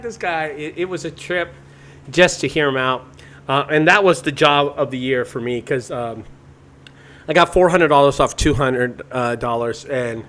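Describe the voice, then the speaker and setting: A young man casually telling his viewers a story in an animated, dramatic way, with sudden loud bursts. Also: medium pitch, a little hiss or hum. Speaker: junk removal business owner.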